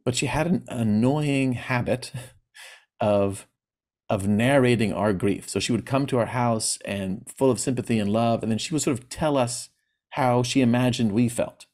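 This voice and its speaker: A man's voice: medium pitch, normal speed, a little mellow. A man giving a personal talk on grief, speaking candidly and plainly, with hesitant restarts. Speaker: presenter.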